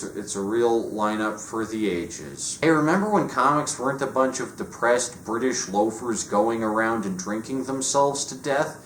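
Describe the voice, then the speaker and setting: Sardonic man, low-ish voice, profane rant, echoey room. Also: fairly bright tone. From United States. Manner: sarcastic, profane, dismissive. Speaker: comic book reviewer. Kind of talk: casual rant review. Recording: echoey room with faint noise.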